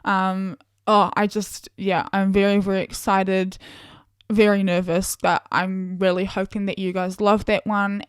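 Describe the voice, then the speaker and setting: A woman's voice: medium pitch, clear, resonant tone, dry recording, clean studio sound. A young woman hosting a solo sports podcast, chatty and enthusiastic with lots of fillers. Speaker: podcast host.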